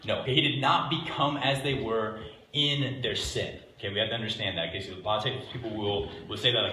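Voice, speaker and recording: A man's voice: medium pitch, fast talker, pushed and bright, reverberant, a little hiss or hum, low-quality recording. A male pastor giving a conversational sermon, checking in with the congregation by asking "okay?" and "right?" again and again.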